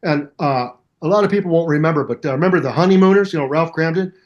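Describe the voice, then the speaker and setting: An older man chats as an interview guest with a fairly high voice. He tells his stories with a lot of energy, acting out other people's voices and sounds as he goes. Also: fast talker, muffled recording. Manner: animated storyteller, mimics voices and sounds. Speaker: guest musician. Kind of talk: casual interview chat.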